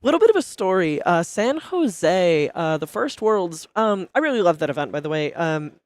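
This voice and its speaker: A man's voice: high voice, sing-song, moderate pace, dry recording. A man commentating a card game tournament, chatty and anecdotal, full of little fillers.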